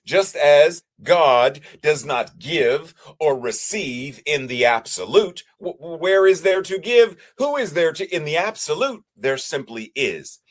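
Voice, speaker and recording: A man preaching as a minister, with a measured, repetitive cadence. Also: fairly high pitch, expressive. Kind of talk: sermon.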